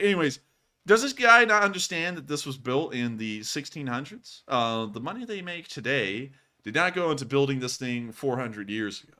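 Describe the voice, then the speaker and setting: A man's voice: mid-range voice, moderate pace. A man hosting a live stream, chatting casually and mocking online reviews with sarcasm. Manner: sarcastic, animated, mocking voices when reading. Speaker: host. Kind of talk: casual chat reading reviews and super chats.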